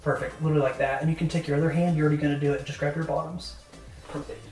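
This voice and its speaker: A woman's voice: low-pitched, steady tone, racing, darkish tone. Chatty Southern woman directing a photo shoot. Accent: Southern American. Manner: upbeat, chatty coaching with many fillers. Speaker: boudoir photographer. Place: indoor photo studio, roomy. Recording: echoey room, mic far off, faint music.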